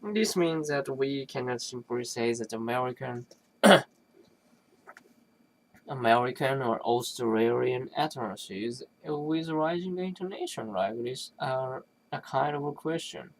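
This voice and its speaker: A reader works through a dense academic passage at a very slow, deliberate pace, middling in pitch. They often stumble, restart phrases and correct themselves, pausing to clear their throat between passages. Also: expressive, poor audio. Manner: halting, with restarts and self-corrections. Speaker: reader of a linguistics text. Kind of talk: reading an academic text aloud.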